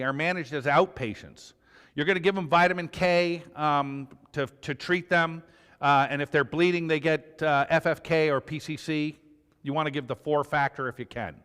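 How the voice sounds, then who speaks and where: A man teaches a board review lecture in a casual, anecdotal way, his voice a touch higher than most men's. A long hall reverb trails behind each phrase. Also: bright, forceful tone, clean tone. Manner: conversational, tells clinical anecdotes. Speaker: emergency medicine lecturer.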